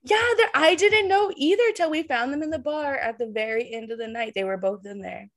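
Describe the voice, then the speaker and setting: A woman co-hosting a casual podcast chat over a video call, animated and quick to laugh. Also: high voice. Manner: giggly, animated, laughs often. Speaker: podcast co-host and tarot reader.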